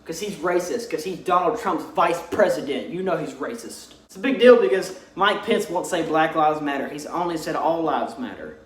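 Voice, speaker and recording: A man's voice: a little high, expressive, normal speed, few pauses, slight background noise. A young man ranting bluntly and mockingly in a vlog, swearing constantly. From Texas. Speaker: vlogger. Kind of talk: profane ranting commentary. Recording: roomy echo, distant mic.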